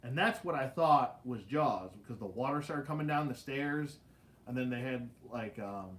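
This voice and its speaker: A man hosting a casual livestream, telling stories in an animated way with laughs and swearing. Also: medium pitch, normal speed. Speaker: livestream host. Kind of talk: casual storytelling chat.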